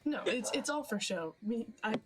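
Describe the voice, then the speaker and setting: A woman's voice: fairly high pitch, animated, normal speed, a loud crowd. A young woman narrating a tabletop fantasy game as game master, hesitant with many fillers and frequent giggles. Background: background music.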